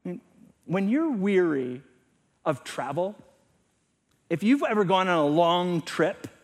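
The voice belongs to a middle-aged male pastor mid-sermon, high-pitched and sing-song, never rushing. At times he raises it for emphasis; at others he drops to a hush that's close to a whisper.

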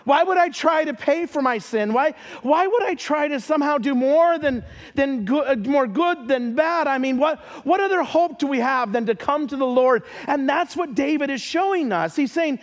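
A man's voice: very high voice, expressive, moderate pace, hardly any pauses. A man preaching a sermon as a pastor, earnest, often repeating words as he starts a phrase.

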